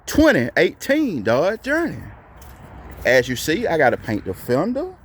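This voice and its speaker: A man's voice: on the high side, wildly swooping pitch, a little slow, slight background noise. A man hosting his own vlog in casual talk to the camera, who stresses his points by repeating them and keeps asking the viewers questions. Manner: talks straight to viewers, asks them questions. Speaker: vlog host.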